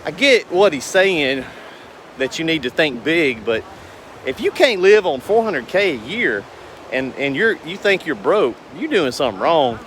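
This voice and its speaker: A man in his thirties with a drawl, chatting to camera in a rambling, earnest way. His voice sits a bit on the high side for a man. A faint outdoor hum with passing vehicles runs underneath. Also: sing-song, a little slow, a bit bright. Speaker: business owner vlogger. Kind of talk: casual talk to camera.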